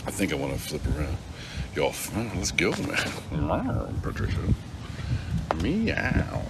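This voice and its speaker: A man's voice: a bass voice, wildly swooping pitch, normal speed, very noisy. A middle-aged man hosting a casual live stream, rambling and joking as he greets viewers by name.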